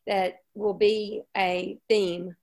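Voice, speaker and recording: A woman hosting a casual Christian women's ministry chat, effusive and encouraging, with rambling restarts and warm laughs. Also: mid-range voice, flat delivery, very slow.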